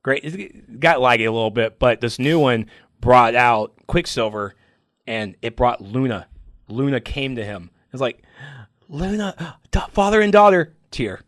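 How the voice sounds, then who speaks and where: A man on a comic book podcast, chatting excitedly and emotionally, acting out scenes from the stories. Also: mid-range voice, a little slow, dry recording, studio quality. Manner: emotional, animated, acts out comic scenes in voices. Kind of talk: excited casual chat.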